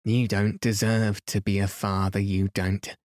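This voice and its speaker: A man's voice: fairly low pitch, flat delivery, unhurried, a little mellow, no room sound, clean studio sound, close to an everyday voice. A man reading a bustling, doting young wife. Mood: scolding fondly. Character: cheerful young wife and mother, fussing.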